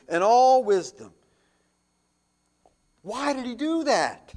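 A man preaching a sermon as pastor, reading scripture and asking rhetorical questions, with loud emphatic swells and hushed drops. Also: very high-pitched, big pitch swings, slow, long pauses.

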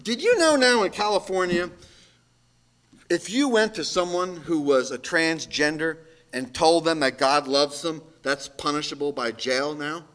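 A man preaching a sermon as pastor, moving between loud shouted calls and quiet asides. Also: fairly high pitch, measured pace.

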